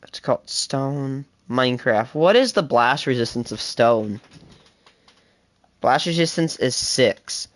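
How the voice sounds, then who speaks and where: A seventeen-year-old livestreamer talking fast and rambling to themselves during casual gameplay chatter. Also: medium pitch, animated. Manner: fast, rambling self-talk with laughs. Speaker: gaming livestreamer.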